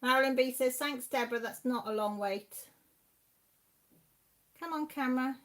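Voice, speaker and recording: A woman's voice: high-pitched, normal speed, a bit bright. A Welsh woman in her sixties, a channel host chatting casually on a live stream and reading out viewer comments in a rambling, friendly way. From Wales. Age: 60s.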